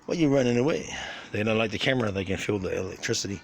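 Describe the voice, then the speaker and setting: A man's voice: fairly low pitch, racing, vocal fry. A man filming his birds on a phone in an outdoor aviary, joking crudely and talking straight to them. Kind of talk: casual profane vlog. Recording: noisy with birdsong.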